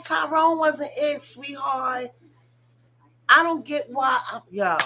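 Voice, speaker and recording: Woman vlogger, bright tense tone, emphatic and profane reaction commentary. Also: high voice, slight background noise. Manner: emphatic, profane, talks straight to viewers.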